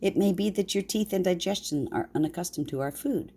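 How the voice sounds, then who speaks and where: A woman's voice: lowish voice, a little fast, dark tone, slightly rough. Johnny Town Mouse, as a grandmother puts him on, prim and huffy. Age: older. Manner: prim and a little sniffy.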